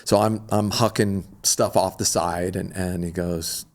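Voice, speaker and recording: A middle-aged man, an extreme athlete guest, telling a story in an animated, slangy, laid-back way. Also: low-pitched, a little slow. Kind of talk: casual storytelling interview.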